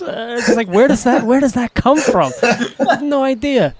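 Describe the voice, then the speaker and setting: A man's voice: very high-pitched, expressive, moderate pace, over a noisy crowd. A man with a North Jersey accent co-hosting a casual podcast chat, laughing often and repeating his words as he talks. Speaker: podcast co-host.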